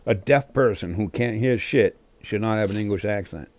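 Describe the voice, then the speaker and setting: A man's voice: fairly low pitch, normal speed, a little mellow, highs cut off, slight background noise. A man chatting with teammates during an online game, swearing a lot and complaining about cheaters. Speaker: gamer on a co-stream. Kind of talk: casual game chat with teammates.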